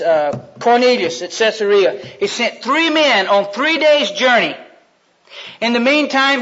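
Folksy high-voiced man preaching. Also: sharp tone. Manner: folksy, joking, acts out voices in retold stories. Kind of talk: sermon with storytelling. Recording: dull lo-fi sound.

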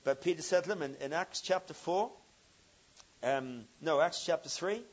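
Husky-voiced male preacher telling a story. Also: a little high, moderate pace, highs cut off. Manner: storytelling, swings between loud emphasis and quiet intensity. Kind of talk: sermon.

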